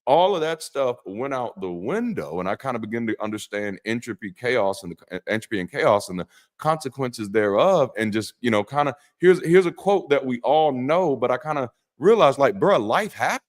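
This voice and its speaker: A man who used to be a pastor, hosting a live call-in stream and talking to the chat with animated emphasis, preacherly phrasing, blunt slang, casual swearing and frequent restarts. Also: mid-range voice, normal speed. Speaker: host of a live call-in show, former pastor. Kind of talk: livestream monologue to chat.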